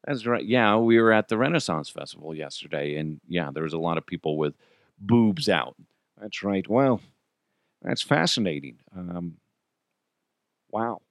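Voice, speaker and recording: A man voicing a sly, lecherous older man in a low, murmuring voice. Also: animated, unhurried, pauses often, dry recording, clean studio sound. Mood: leering.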